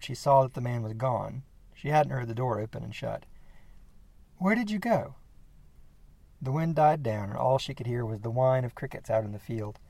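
A man narrating a horror story in a steady, measured reading voice. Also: medium pitch, gravelly, no echo.

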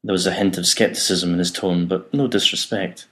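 A man narrating an audiobook in an even, measured reading. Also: low-pitched.

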